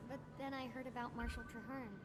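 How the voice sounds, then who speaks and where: A woman's voice: on the high side, fairly even intonation, fairly quick, over music, natural voice. A woman voicing an eager, playful young genius in a video game. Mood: upbeat. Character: bubbly young female gnome-like genius.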